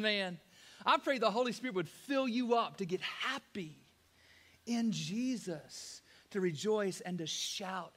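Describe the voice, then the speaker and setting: A pastor preaching a sermon, swinging from soft, quiet stretches to loud, ringing rises and talking casually to his listeners as "guys". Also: high voice, animated, unhurried. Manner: conversational, addresses listeners as guys.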